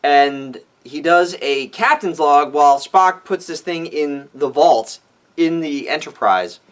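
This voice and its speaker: A man giving a ranting film review for his vlog, animated and exasperated, swearing freely. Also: a little high, slow. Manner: animated, exasperated, profane, with frequent restarts.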